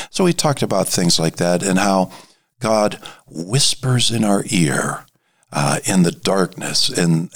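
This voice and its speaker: In a fairly low voice, a man delivers an informal sermon. His speech is halting and full of fillers and restarts, and he drops to a hush when he wants emphasis.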